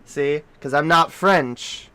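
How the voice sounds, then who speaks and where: A man's voice: fairly high pitch, slow pace, bright, forceful tone, clear, resonant tone. A man from Canada ranting casually on a livestream, profane and rambling. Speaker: streamer.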